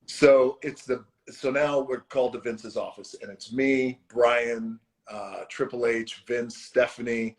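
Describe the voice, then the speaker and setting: A man laughing and telling a backstage story on a live video call, lively and chatty. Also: medium pitch, unhurried, few pauses, low-quality recording. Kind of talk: anecdotal storytelling on a live stream. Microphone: phone or computer mic on a live video call.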